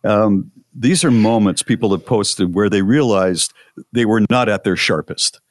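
A man's voice: on the low side, unhurried, no room sound, clean studio sound. A man co-hosting a radio show, chatting casually and reading listener posts aloud in a rambling, self-deprecating way that stumbles over words.

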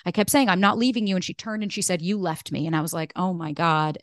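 A woman's voice: fairly low pitch, quick pace, no room sound, clean studio sound. A woman hosting a podcast, chatting candidly and animatedly, cursing freely. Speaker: podcast host. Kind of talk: casual chat.

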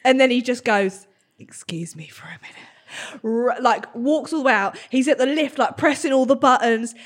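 A woman hosting a podcast who tells a story in a lively, teasing way and laughs often. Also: high-pitched, moderate pace. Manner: laughs a lot, animated and teasing. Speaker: podcast host. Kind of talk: casual chat.

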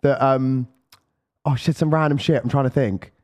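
A man's voice: medium pitch, moderate pace, a little mellow. A man hosting a podcast, chatty and reacting to his guests with questions. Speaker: podcast host. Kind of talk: casual chat.

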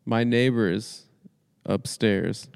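A man co-hosting a podcast, telling rambling dream stories in a deadpan, casual way. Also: lowish voice, extremely slow, gravelly, clear, resonant tone, no room sound, clean studio sound. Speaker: podcast co-host. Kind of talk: casual comedic chat. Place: small dry studio room.

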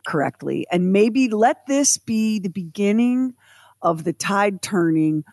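A woman co-hosting a radio show, telling a story with lively quoted voices. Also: mid-range voice, slow, no echo. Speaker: co-host. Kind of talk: casual chat.

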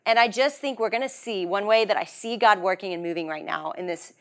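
A woman in her forties hosting a podcast, talking in an earnest, effusive way and quick to emotion. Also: medium pitch, fairly bright tone. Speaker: podcast host. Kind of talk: heartfelt conversation.

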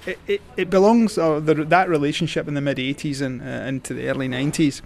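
A man's voice: on the high side, steady tone, quick pace, creaky. A Scottish man, a cycling journalist, telling stories as a guest, rambling with many fillers and restarts. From Scotland. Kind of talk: casual storytelling.

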